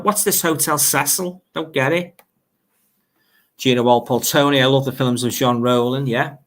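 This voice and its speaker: A bright, forward-sounding man with a Liverpool accent, chatting loosely on a livestream. He rambles and repeats words as he replies to viewer comments, keeping an easygoing, conversational flow. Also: mid-range voice. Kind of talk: casual livestream chat.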